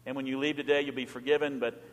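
A pastor preaching a sermon to his congregation, animated, with sudden drops to a hushed voice. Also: mid-range voice, quick pace, in a large hall.

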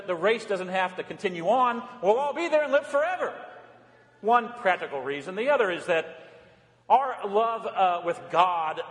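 A pastor preaching a sermon with emphasis, posing questions to the congregation and answering them himself. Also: male voice, a little high, fairly bright tone, in a large hall.

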